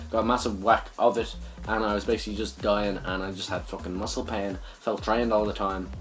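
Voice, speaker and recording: A young man with an Irish accent hosting a casual vlog, rambling with lots of "sort of" and frequent swearing. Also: fairly low pitch. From Ireland. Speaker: gaming channel host.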